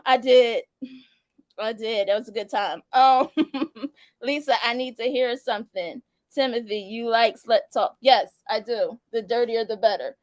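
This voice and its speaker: A woman's voice: on the high side, steady tone, unhurried, no room sound. A young adult woman hosting a casual live-stream chat, laughing and teasing as she reads viewer answers. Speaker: host.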